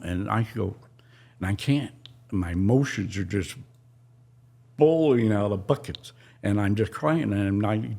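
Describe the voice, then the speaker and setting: A middle-aged man with a low, gravelly voice tells a personal story on a podcast. He speaks very slowly, in a halting and emotional way, and often stops to restart his sentences. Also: warm tone.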